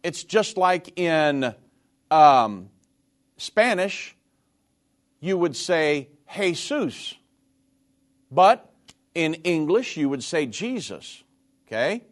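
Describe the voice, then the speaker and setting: A man hosting a call-in radio show, explaining points slowly and repeating them. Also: a little high, sing-song.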